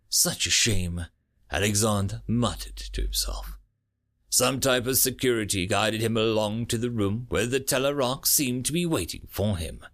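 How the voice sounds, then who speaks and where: A man narrating a science fiction short story as an audiobook reader, reading expressively. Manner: expressive reading with lively pitch.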